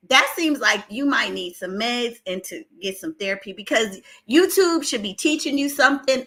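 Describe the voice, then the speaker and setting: A woman's voice: fairly high pitch, sharp tone. A middle-aged woman with an Oakland accent hosting a casual gossip livestream, greeting viewers by name and laughing between remarks. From Oakland, California. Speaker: celebrity gossip livestream host.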